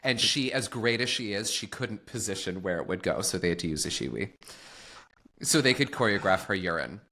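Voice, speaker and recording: A man from Syracuse, New York, co-hosting a podcast in casual chat, gushing and quick to laugh. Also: fairly low pitch, expressive, bright, forceful tone. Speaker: podcast co-host.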